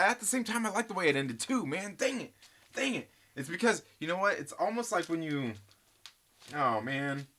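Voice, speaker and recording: Rambling through a casual vlog chat, a man who hosts a comic book channel teases, cracks jokes, and keeps calling viewers "guys." He has a mid-range voice with a sharp tone.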